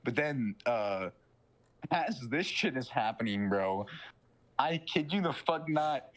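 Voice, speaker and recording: A young man in casual podcast chat, retelling a movie plot with slangy, profane excitement and quick mocking character voices. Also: medium pitch. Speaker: podcast co-host.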